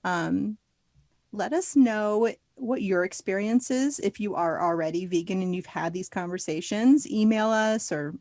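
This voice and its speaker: A woman's voice: mid-range voice, darkish tone, no room sound. A woman from Florida co-hosting a casual podcast, chatty and upbeat, with frequent laughter. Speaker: podcast co-host. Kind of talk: casual chat.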